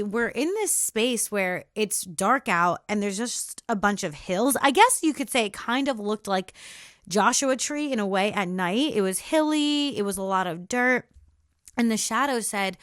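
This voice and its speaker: A woman hosts a podcast and tells a personal story with deep emotion. She repeats her phrases and draws them out slowly for emphasis. The recording is dry, with no room sound. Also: a bit bright, smooth, no echo. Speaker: podcast host.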